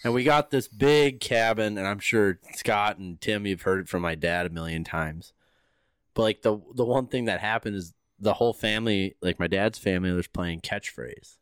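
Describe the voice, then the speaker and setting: A man's voice: on the low side, clean tone, dry recording, clean studio sound. A man co-hosting a podcast, chatting and telling a family story casually, laughing along. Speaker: podcast co-host. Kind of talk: casual storytelling among friends.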